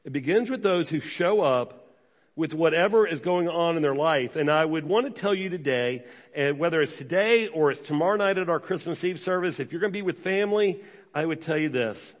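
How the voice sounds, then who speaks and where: A pastor giving a sermon, emphatic and conversational, asking the congregation rhetorical questions. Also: male voice, on the high side, animated, fairly quick, big-room sound.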